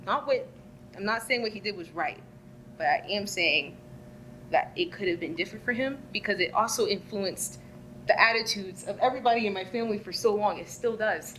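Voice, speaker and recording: Student girl on a panel, earnest, keeps restarting, normal pitch, a little background rumble. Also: fairly bright tone, low-quality recording. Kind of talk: personal account at a panel discussion. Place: university event space.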